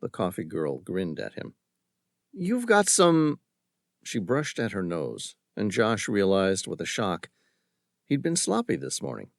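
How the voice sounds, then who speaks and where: A lower-pitched man narrating a thriller audiobook, measured and dramatic. His delivery is lively in pitch, shaping each sentence with rises and falls. The recording is close and completely dry. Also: gravelly, no echo. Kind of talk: scripted narration.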